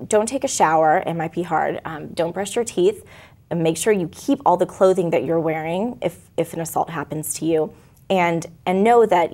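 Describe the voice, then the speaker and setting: A woman counselor answering interview questions, giving calm, practical step-by-step advice with frequent fillers. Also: sits low. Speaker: sexual trauma counselor.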